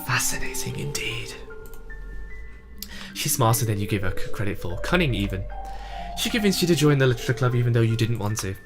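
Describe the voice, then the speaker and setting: A man's voice: medium pitch, sing-song, a little fast, over music, natural voice. A man voicing a proud, remorseful teenage girl club president, emotional and tearful, in a fan reading of a game. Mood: wry. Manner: emotional, breaking into tears.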